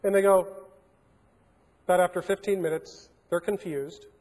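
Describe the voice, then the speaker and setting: A man's voice: high-pitched, fairly even intonation, moderate pace, darkish tone. A man giving a keynote talk, telling a story and acting out the dialogue in a large conference hall. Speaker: keynote speaker.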